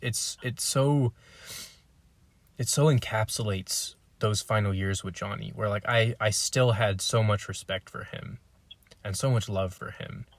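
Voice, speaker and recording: A man's voice: on the low side, measured pace, no room sound. Reflective male podcast host, dry sound. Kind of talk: casual interview chat.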